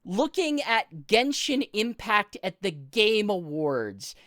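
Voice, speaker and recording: A woman's voice: medium pitch, very animated, slow, fairly bright tone, no echo. A woman in casual podcast chat, blunt and heated, cursing as she argues her point. Her voice sits mid-range but leaps around widely. The sound is dry and close, with no room in it. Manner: heated, blunt, swears, talks over others. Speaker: podcast co-host, games writer.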